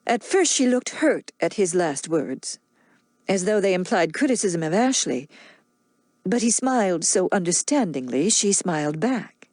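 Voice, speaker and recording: Reading an audiobook, a woman narrates in a measured, even storytelling manner. Her voice sits on the low side, and the sound is dry and clean, like a studio.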